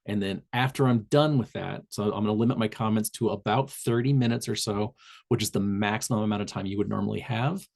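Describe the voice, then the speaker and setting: A man's voice: on the low side, steady tone, a little fast, gravelly, a little mellow. A man with a Southern Indiana accent, a public health trainer speaking on a video call webinar, talking loosely with many fillers and restarts. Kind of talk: webinar presentation.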